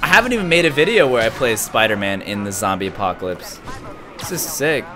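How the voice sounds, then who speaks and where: A young man giving excited live commentary as he streams a game, jumping from mumbling to shouts and laughter. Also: medium pitch, fairly quick, noisy background.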